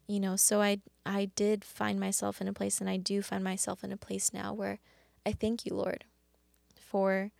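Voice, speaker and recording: A woman hosting a faith devotional talk, speaking earnestly and haltingly with many restarts. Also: mid-range voice, vocal fry, a little mellow, dry recording. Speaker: podcast host.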